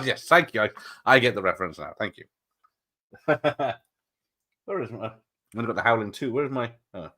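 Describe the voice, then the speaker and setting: A man with a sharp, mid-range voice chats casually while streaming a watch party. He laughs often and responds to viewers.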